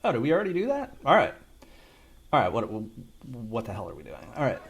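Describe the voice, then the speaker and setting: A man's voice: mid-range voice, wildly swooping pitch, fairly quick. A man talking through a screen-recorded tutorial, rambling and thinking aloud with casual swearing. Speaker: video creator demonstrating an AI video tool.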